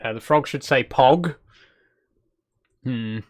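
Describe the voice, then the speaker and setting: A man's voice: medium pitch, slow, darkish tone. A man hosting a cozy game livestream in a casual, chatty way, laughing as he reads out chat suggestions and trailing off into self-deprecating asides. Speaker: streamer host.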